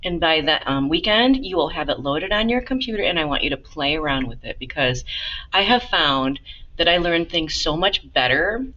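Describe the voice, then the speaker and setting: Chatty woman teacher with a lively bright voice. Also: low voice, normal speed, dull audio. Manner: chatty, encouraging, talks to students directly. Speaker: art teacher. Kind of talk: casual drawing lesson for kids.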